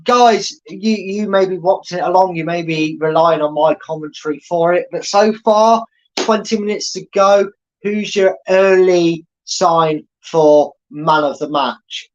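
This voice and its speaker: A man's voice: sits high, unhurried, highs cut off. Chatty man commentating a match. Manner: chatty, rambling, many fillers and restarts. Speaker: fan channel host. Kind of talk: live watchalong match commentary.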